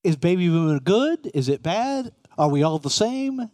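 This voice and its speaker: A man's voice: high voice, sing-song, moderate pace, few pauses, darkish tone, no echo, clean studio sound. A middle-aged man preaching a conversational sermon, often putting questions to his listeners. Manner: conversational, asks the room questions.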